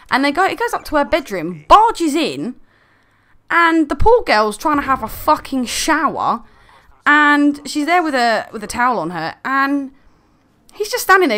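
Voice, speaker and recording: A woman's voice: high-pitched, a bit bright. A woman ranting in an angry, sarcastic commentary video full of swearing.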